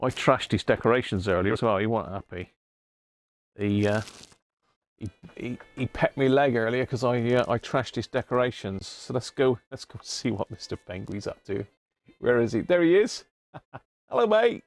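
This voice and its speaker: A man's voice: medium pitch, normal speed, dry recording. A British man hosting a casual live stream, chatty and jokey, often reading labels aloud as he goes. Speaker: radio repair live-stream host.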